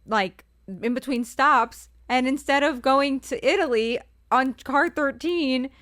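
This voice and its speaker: A woman's voice: high-pitched, takes it slowly, fairly bright tone, no echo, clean studio sound. A woman co-hosting a podcast, adding short asides and advice during a casual chat. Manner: chimes in with short asides and warnings. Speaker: podcast co-host.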